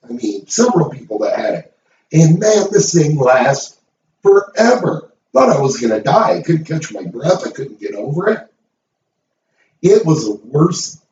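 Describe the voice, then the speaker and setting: A man's voice: on the high side, a little mellow, a little hiss or hum. Blunt middle-aged man ranting in an echoey room. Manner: blunt, profane, emphatic. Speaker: host. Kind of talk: opinion rant to camera. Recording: roomy, distant, dull sound.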